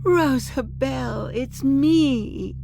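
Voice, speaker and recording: A woman voicing a frightened elderly woman in a storybook reading, speaking high and tremulous. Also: big pitch swings, normal speed, a little mellow, soft background music. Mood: eager. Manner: high, tremulous, rising to panicked screams. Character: frightened elderly woman dreaming of her toys.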